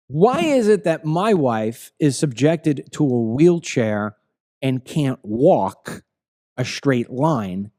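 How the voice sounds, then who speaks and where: A man's voice: mid-range voice, mellow, no echo, clean studio sound. A man in his fifties with a Long Island accent, hosting an opinion monologue in an emphatic, ranting way that keeps repeating phrases. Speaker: commentary show host.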